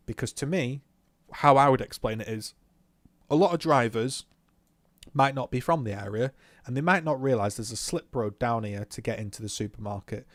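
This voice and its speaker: A young man telling a story in a swearing, animated rant about a driving lesson, talking from his car. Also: medium pitch, moderate pace, dry recording. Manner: swears often, animated retelling. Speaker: vlogger. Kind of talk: casual ranting recount while driving.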